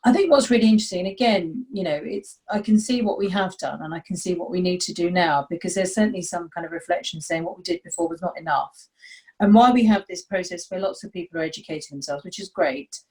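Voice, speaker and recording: A woman speaks on a panel discussion in a lower voice. She is earnest and reflective. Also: fast talker, a little mellow, rough recording. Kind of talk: panel discussion on video call.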